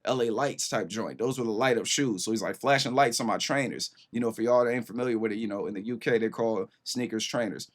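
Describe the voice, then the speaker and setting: Guy in his 30s doing a reaction vid, hyped and slangy, cusses a lot, talks right to his viewers. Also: medium pitch. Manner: excitable, slangy, swears freely, talks straight to viewers. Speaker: reaction video host. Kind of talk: casual reaction commentary.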